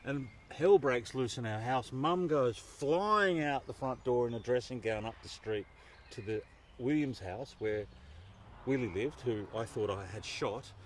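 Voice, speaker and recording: A man performs a story live outdoors to an audience, animated and quick to swear. His voice sits at an ordinary pitch, with faint outdoor noise behind it.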